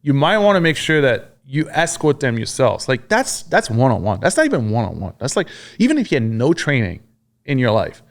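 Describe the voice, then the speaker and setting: A French army veteran, guesting on a podcast, tells war stories in a casual, profane way, acting out what others said. His mid-range voice swings hugely in pitch, and he talks a little fast.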